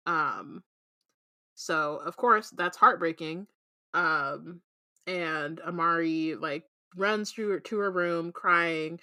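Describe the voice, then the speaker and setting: Woman, podcast co-host, lower pitch, bright tone, dry close sound, chatty recap. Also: slow pace, no echo. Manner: chatty, many fillers, laughs often. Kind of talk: casual book discussion.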